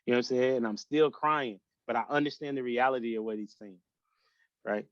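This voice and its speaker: A man appears as a podcast guest in a personal, emotional talk, speaking haltingly with many restarts and fillers. His voice is medium-pitched, and the lo-fi recording has no room sound.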